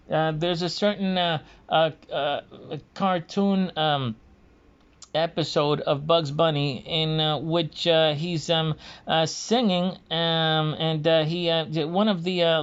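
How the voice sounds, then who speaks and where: A man talking casually in a hesitant, halting monologue, pausing often as he gathers his thoughts. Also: a little high, fairly even intonation, clean tone. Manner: halting, hesitant, frequent pauses. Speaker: video creator. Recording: dull lo-fi recording.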